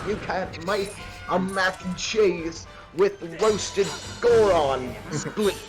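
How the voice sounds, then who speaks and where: A man's voice: high-pitched, very slow, music in the background, voice pushed up. A man putting on a bad British-accented impression of a furious, insulting celebrity chef. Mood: berating.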